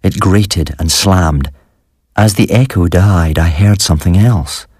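A man narrating a horror story in the first person, in a measured, dramatic storytelling manner. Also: sits low, darkish tone, husky, dry recording, studio quality.

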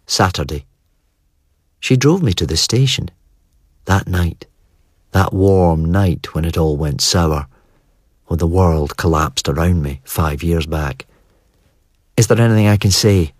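Audiobook reader, man, very deep voice, dry close sound, wry and measured. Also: breathy edge, no room sound. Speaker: audiobook narrator. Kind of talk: first-person audiobook narration.

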